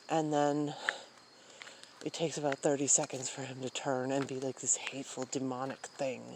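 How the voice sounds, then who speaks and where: A woman's voice: a bass voice, noisy background. A woman talking casually while walking outdoors at night, rambling with many fillers and sighs. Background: crickets and insects.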